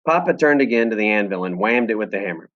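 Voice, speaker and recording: A man's voice: fairly low pitch, fast. A man reading a novel aloud to his class, telling the story expressively and with feeling. He sits in a classroom, and the recording sounds a little dull and muffled. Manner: expressive storytelling with lively voices.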